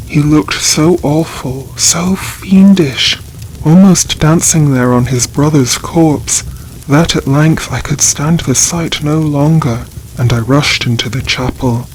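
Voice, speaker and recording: A man narrating a gothic horror story for sleep audio in a measured, even reading. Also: medium pitch, slight background noise, rough recording.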